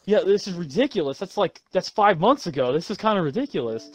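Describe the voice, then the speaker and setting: A man's voice: sits high, very animated, quick pace. A man reading game reviews aloud with friends over voice chat, laughing and incredulous. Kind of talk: casual voice-chat banter. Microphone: voice chat mic.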